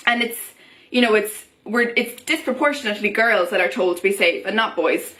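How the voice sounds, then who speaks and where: A woman's voice: medium pitch, brisk, fairly bright tone. A young woman vlogger venting to camera in a heated, impassioned way, often restarting her sentences. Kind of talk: personal vent to camera.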